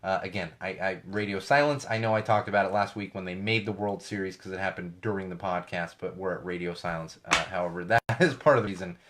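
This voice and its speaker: A middle-aged man talks casually into a studio mic for his podcast. His voice is starting to go hoarse, and he rambles, stops, and corrects himself mid-sentence in an easy, unscripted way. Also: deep voice, quick pace, few pauses, fairly bright tone, a little hiss or hum. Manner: rambling, chatty, self-correcting asides. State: losing his voice. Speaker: podcast host. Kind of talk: casual solo podcast talk.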